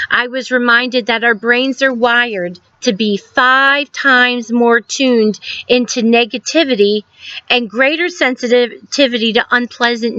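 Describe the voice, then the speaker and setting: A woman in her fifties, a school guidance counselor giving a recorded lesson to students, telling a story gently with many ums and reflective questions. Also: fairly high pitch, no echo, lo-fi sound. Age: 50s.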